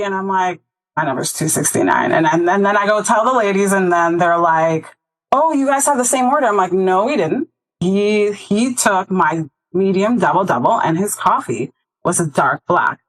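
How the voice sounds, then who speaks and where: Woman, podcast host, chatty storyteller who acts out quotes, mid-pitched voice. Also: rough recording. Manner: animated storyteller acting out quotes. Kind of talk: casual chat.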